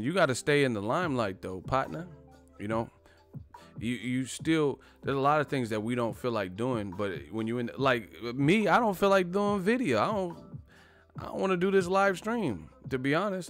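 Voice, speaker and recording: A man's voice: medium pitch, expressive, normal speed, faint music behind. A man hosting a boxing live stream, chatting casually and profanely, full of fillers and asides. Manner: loose, profane, filler-heavy banter.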